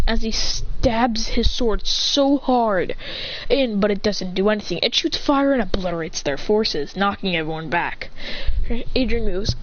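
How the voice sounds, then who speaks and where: A woman's voice: mid-range voice, expressive, unhurried, slight background noise. A woman telling a homemade action story in a casual, rambling way, stringing events together with many restarts. The recording is dull and lo-fi.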